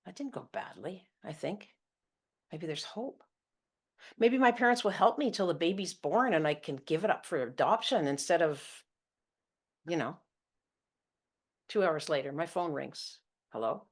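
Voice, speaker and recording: A woman's voice: lowish voice, lively intonation, a little slow, long pauses. A woman reading her own first-person story aloud. Her narration is intimate and confessional, blunt about what happened.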